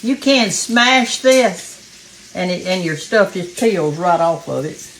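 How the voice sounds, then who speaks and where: Her voice sits on the low side, expressive and slow, as this Southern woman hosts a casual home cooking show, chatting folksily with viewers she calls "y'all" and sounding a bit out of breath. The rough recording from her home kitchen carries a little hiss or hum and a faint frying sizzle.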